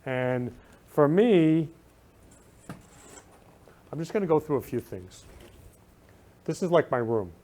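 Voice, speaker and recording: A man's voice: fairly high pitch, animated, slow, pauses often, mellow. A man hosting his talk show from his room, speaking effusively and repeating loving phrases with emphatic stress. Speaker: show host. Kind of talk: casual talk show monologue.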